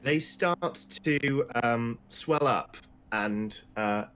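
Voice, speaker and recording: A man's voice: medium pitch, very slow, fairly bright tone, a little hiss or hum. A man narrating as dungeon master in a casual, hesitant way. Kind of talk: narrating a tabletop game.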